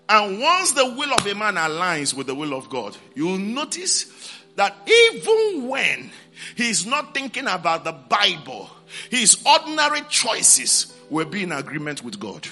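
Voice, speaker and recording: A man's voice: high-pitched, wildly swooping pitch, measured pace, sharp tone, faint music behind. A man preaching a sermon, repeating key words and calling out to his congregation for responses.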